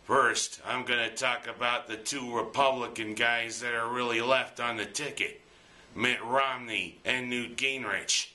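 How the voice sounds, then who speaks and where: A man delivers his weekly commentary at an unhurried, deliberate pace. His voice is bright and forward, and his delivery is plainspoken and earnest. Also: mid-range voice, steady tone, slight background noise. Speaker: local sports and opinion commentator.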